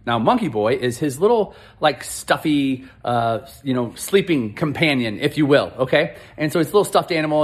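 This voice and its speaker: A man's voice: on the high side, a bit bright. A man in his thirties hosting a podcast, giving a motivational talk with casual, emphatic and repetitive storytelling. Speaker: podcast host.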